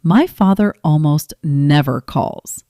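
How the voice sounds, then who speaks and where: Calm low-voiced woman narrating a story. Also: no room sound, clean studio sound. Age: 20s. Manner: calm, measured, restrained. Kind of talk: scripted first-person story narration.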